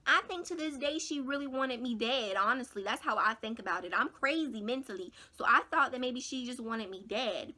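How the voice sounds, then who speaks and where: A young woman vlogger tells a story straight to her viewers in a casual, slangy way. Her voice sits a little high and sounds bright and forceful. Her delivery is animated and dramatic, with big jumps in pitch and loudness. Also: brisk, few pauses. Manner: casual slangy talk, addresses viewers as y'all. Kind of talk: storytime vlog.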